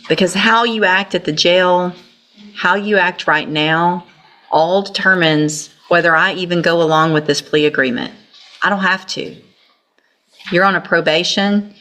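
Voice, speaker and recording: A woman's voice: on the low side, bright, forceful tone, a little hiss or hum. A woman judge, presiding in court and scolding a defendant in a stern, commanding way. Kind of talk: courtroom proceedings.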